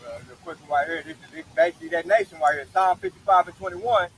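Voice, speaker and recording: A man's voice: high-pitched, animated, fast talker, hardly any pauses, slightly rough, poor audio. A man reading scripture verses aloud and explaining them, often checking in with "okay?". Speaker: Bible study teacher.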